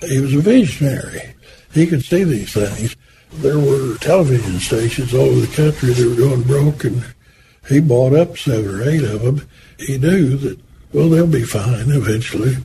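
An older man recounting memories in an easy, folksy way, slipping into the voices of the people he quotes. His voice sits in a middle register. The recording carries a clear hiss of background noise underneath. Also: medium pitch, expressive, normal speed. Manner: folksy, anecdotal, acts out quoted dialogue. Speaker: interviewee recalling a former boss. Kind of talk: oral history storytelling.

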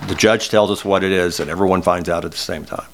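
Low-voiced older man, tearful and candid. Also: steady tone, fast, slight background noise. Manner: emotional, candid, close to tears. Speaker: guest. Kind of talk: personal storytelling in an interview.

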